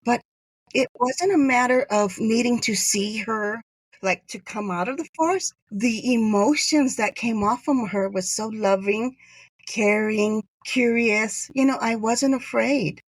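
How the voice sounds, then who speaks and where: A woman's voice: a little high, a little slow, dry recording. A woman from Hawaii, a podcast guest, telling a story in a casual chat and acting out the lines of the people in it. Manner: chatty, acts out quoted dialogue.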